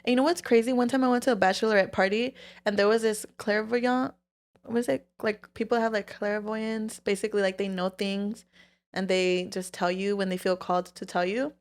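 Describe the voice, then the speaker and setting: A woman's voice: mid-range voice, steady tone, fairly quick. A young woman co-hosting a podcast in casual chat, talking candidly with lots of swearing and filler "like"s. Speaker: podcast co-host.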